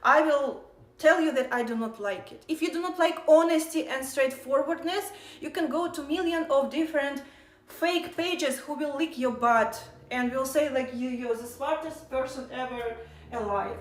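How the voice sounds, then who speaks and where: Woman streamer, blunt and irritated, slightly high voice, roomy echo. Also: normal speed. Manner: blunt, irritated, lecturing chat. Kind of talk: casual live stream chat.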